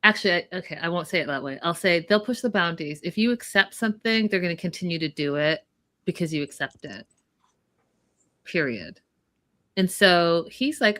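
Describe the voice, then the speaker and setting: A woman's voice: lowish voice, expressive, normal speed, a bit bright. A woman co-hosting a casual recap chat, blunt and opinionated, mocking people by quoting them in put-on voices. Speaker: podcast co-host.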